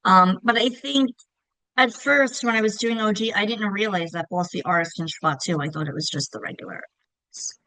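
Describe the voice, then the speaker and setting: A woman's voice: mid-range voice, normal speed, bright, forceful tone, no echo, poor audio. A woman teacher trainer giving a recorded presentation, explaining step by step, sounding out example words and checking in often.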